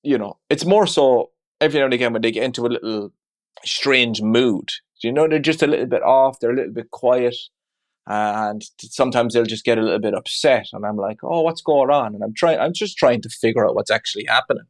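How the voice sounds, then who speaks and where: A man's voice: medium pitch, fairly quick. A man speaking as a father in an interview, reflective and open, talking candidly with frequent "you know" asides. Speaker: guest; father of two.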